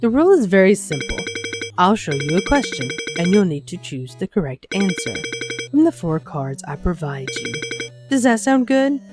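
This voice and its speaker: A woman reading the lines of a sinister, fanged male doctor in a calm, formal way. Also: mid-range voice, moderate pace, natural voice. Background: game music.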